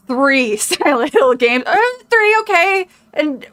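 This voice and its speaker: Bright-voiced woman rambling through a read-along. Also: high-pitched, big pitch swings, unhurried, few pauses. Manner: rambling, with frequent tangents and laughs. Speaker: streamer reading a horror novel aloud. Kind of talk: casual chat mixed with reading aloud. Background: faint movie audio.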